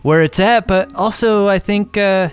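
A man's voice: high voice, a little slow, clear, resonant tone, soft background music. A man co-hosting a podcast in casual chat, upbeat and enthusiastic, with playful teasing. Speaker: podcast co-host.

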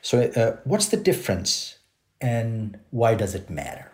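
A man hosting an interview podcast, asking his questions in a measured, courteous way. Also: lowish voice, very animated, a little mellow. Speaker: podcast host. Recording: roomy echo.

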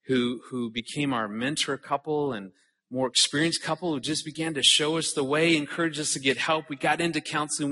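A man's voice: medium pitch, bright, forceful tone. A man in his forties giving an earnest conference talk, telling a personal story and often repeating words as he starts a sentence. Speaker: conference speaker.

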